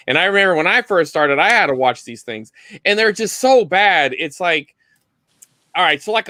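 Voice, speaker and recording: A man in his thirties on a video call, telling a funny work story in a casual, animated way. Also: no room sound. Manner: animated storyteller, jumps into high voices for quotes. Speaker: guest on live vinyl chat. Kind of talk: casual anecdote on a live stream.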